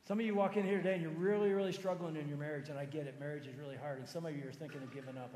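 A middle-aged man preaching a sermon, telling personal stories, moving from loud emphatic lines to soft low ones. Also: little pitch movement, rapid-fire, few pauses, a little hiss or hum. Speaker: pastor. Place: large church sanctuary. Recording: roomy hall reverb.

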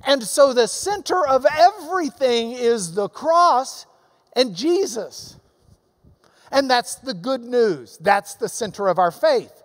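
Bible teacher, male, emphatic and lively in pitch, lecturing in a reverberant hall. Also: slow pace. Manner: emphatic, animated, swings between loud and soft. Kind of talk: lecture answering questions.

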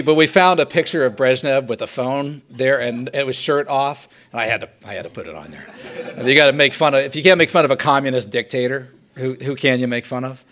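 A male professor giving a lively history lecture to students and acting out quotes as he tells the story. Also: mid-range voice. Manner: animated storytelling, acts out quotes. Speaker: political science professor. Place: live talk to a student audience.

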